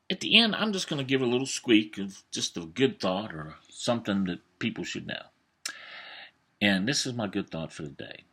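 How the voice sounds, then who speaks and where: A man in his fifties tells a story in a folksy, hesitant way. His low, husky voice rises and falls a lot, with a bright, forward edge. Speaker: vlogger. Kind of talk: storytelling monologue.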